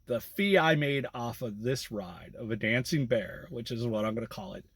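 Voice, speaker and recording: A man with a slightly husky voice of middle pitch tells a story in a relaxed, chatty way and laughs now and then. He sounds close and dry, as if he is sitting in his car beside a road. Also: normal speed, no room sound. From US Midwest. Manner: chatty, laughs while telling stories. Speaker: rideshare driver. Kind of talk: casual storytelling vlog.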